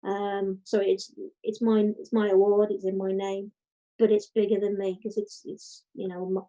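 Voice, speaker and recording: Woman with a dark, muffled voice. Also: mid-range voice, normal speed. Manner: animated storytelling, quoting others. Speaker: guest, writer and podcaster. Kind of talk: casual interview chat.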